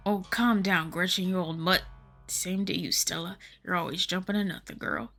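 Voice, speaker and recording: A woman's voice: fairly low pitch, fairly even intonation, moderate pace, fairly bright tone, soft background music. A woman voicing a chipper, nosy young female cryptid hunter, reading a game aloud in an upbeat, breezy way. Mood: eager.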